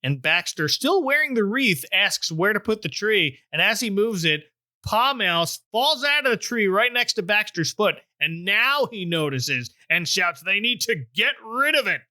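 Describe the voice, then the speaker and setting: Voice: medium pitch, big pitch swings, measured pace, bright, forceful tone, no room sound. A podcast host retelling a story scene by scene, with wry joking asides. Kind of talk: recap chat, retelling the plot.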